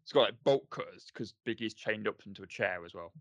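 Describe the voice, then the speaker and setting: Lowish male voice, dry sound. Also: brisk, fairly bright tone, dry recording. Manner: recaps with filler ums, acts out lines. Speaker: podcast co-host. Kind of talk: casual chat review.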